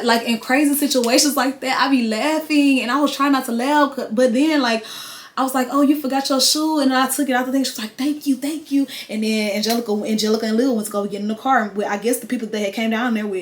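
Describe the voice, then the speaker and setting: A young woman chats through a story for her channel. Her voice sits a little high, and she slips into quoted voices as she retells what happened. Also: steady tone, quick pace. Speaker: vlogger. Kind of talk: casual storytime.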